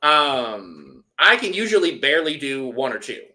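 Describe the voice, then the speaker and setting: This man's medium-pitched voice has a sing-song, sharp quality at a normal speed. Co-hosting a podcast, he recaps casually and rambles, with plenty of restarts and "likes."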